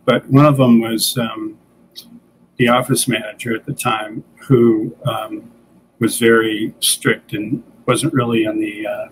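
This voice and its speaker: An older man, a comics creator and editor, telling relaxed anecdotes as a guest in a casual interview. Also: on the low side, unhurried, slight background noise, rough recording. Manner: relaxed anecdotal, acts out quoted dialogue.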